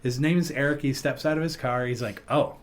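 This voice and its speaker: A man co-hosting a casual podcast, his voice sitting in an ordinary middle range. He tells stories in a loose, rambling way, full of fillers and quick restarts, and laughs at his own jokes as he goes. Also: mid-range voice. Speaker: podcast host. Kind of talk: casual chat.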